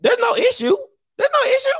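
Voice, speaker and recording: A man with a high, lively voice hosts a call-in sports show. He is emphatic and repeats his points, sometimes breaking into a shout. The sound is dry and close. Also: a little fast, dry recording. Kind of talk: animated call-in show banter.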